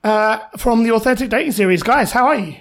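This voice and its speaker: A woman's voice: a little high, quick pace. A woman hosting a casual podcast chat, bubbly and playful, laughing often. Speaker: podcast host.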